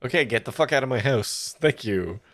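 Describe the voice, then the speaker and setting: A man casually commenting on a video game as he plays, chatty and quick to swear. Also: medium pitch, expressive, a bit bright. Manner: chatty, swearing, laughing asides. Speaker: let's play streamer.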